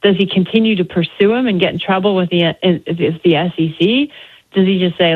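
A woman sports reporter calling in to a news show, explaining the story briskly. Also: lowish voice. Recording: tinny phone line.

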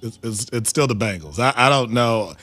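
A man co-hosting a sports radio show, halting and playful, often stammering. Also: mid-range voice, expressive, fairly bright tone, soft background music. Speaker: co-host.

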